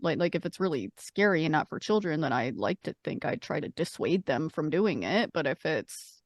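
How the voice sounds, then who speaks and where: A woman's voice: low voice, animated, moderate pace, dry recording, studio quality. A woman playing a tabletop game in character, hesitant and stammering. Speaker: player.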